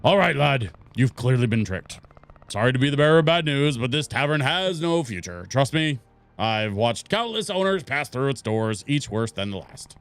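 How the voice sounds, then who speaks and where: A man's voice: mid-range voice, sing-song, moderate pace, fairly bright tone. A man voicing a grumpy ancient boggart guardian in the form of a cat, haughty and scolding, reading game dialogue aloud. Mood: grumbling.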